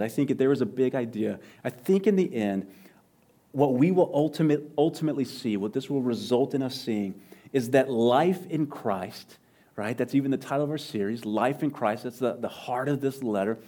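A male pastor preaching a sermon, swinging from loud emphatic lines to near-whispers and repeating phrases for emphasis. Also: medium pitch.

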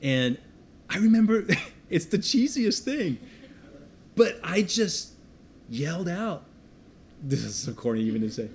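Pastor guy telling a story in a sermon, lively, acts out the voices, faint room noise. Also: on the high side, moderate pace. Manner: animated, self-deprecating, acts out dialogue.

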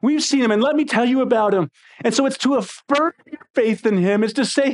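A man preaching a sermon in an animated, expressive way, swinging between excited bursts and quiet, hushed passages. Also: extremely high pitch, brisk. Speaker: pastor.

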